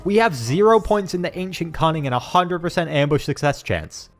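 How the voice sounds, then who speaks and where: Excitable young man commenting on gameplay. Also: on the high side, brisk, soft background music. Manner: excitable, swings between flat asides and loud outbursts. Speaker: gaming YouTuber.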